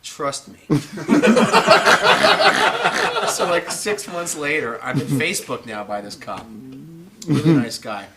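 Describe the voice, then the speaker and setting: Animated man telling a story live. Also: mid-range voice, moderate pace, over a noisy crowd. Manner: animated, laughing, acts out quotes. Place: stage before a live audience. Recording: loud audience laughter behind.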